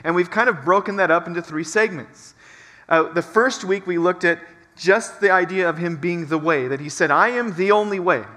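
A man preaching with a high, forceful, tense edge, pressing each point through repetition. His sermon rings out in a large church hall with a long reverb trailing behind every phrase. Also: moderate pace. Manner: emphatic, building repetition. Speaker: pastor.

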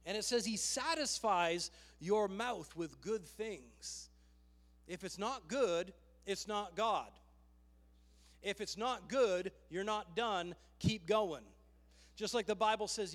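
High-voiced pastor guy preaching hard, keeps urging folks on, long hall echo. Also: measured pace, fairly bright tone. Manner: fervent, calls "come on" to the congregation. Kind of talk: sermon.

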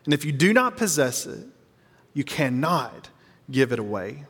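A man preaching a sermon as pastor, earnest, slowing down to stress key lines. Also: mid-range voice, very animated, a bit bright, husky, big-room sound.

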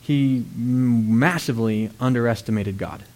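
A man preaching a sermon, retelling a story with lively, dramatic voices for its characters. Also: medium pitch, a little slow. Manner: animated storytelling, acts out characters with loud outbursts.

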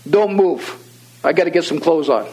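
A man voicing a deep-voiced, kindly farmer in his sixties who speaks firmly and plainly. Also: lively intonation, moderate pace, background noise, close to an everyday voice. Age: 60s. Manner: firm, plain-spoken.

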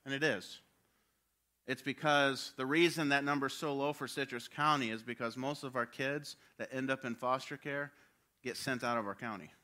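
A man preaching a sermon with passion, swinging from loud urging to hushed quiet. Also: mid-range voice, steady tone, moderate pace.

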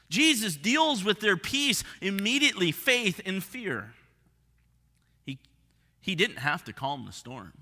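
Male pastor, high bright voice, expressive sermon delivery, hall reverb. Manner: expressive preaching, drops to hushed tones for emphasis.

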